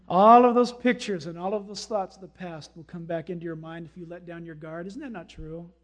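A man preaching a sermon as pastor, dramatic, acting out quotes with sudden shouts and drops to a hush. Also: high-pitched.

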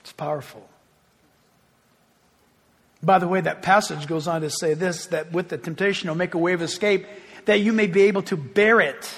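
A man preaching a sermon as pastor, emphatic and swinging from quiet, low asides to loud, ringing appeals. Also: brisk, husky. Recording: long hall reverb.

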